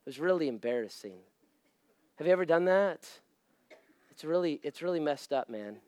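Brief: male pastor, thirties, high voice, dry close sound, comic sermon story. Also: normal speed, clean tone, no echo. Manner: animated, self-mocking, acts out voices.

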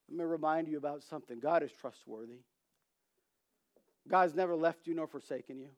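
A man's voice: fairly high pitch, normal speed. A man preaching a sermon, telling humorous stories and acting out the characters' voices. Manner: storytelling, acts out quoted voices, animated emphasis.

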